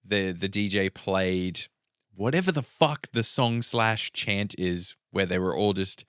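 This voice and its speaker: A young Australian man co-hosting a podcast, telling travel stories in a relaxed, casual way with plenty of swearing. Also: low voice, unhurried, clean tone, no echo, studio quality. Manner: laid-back storytelling with swearing. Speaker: podcast co-host.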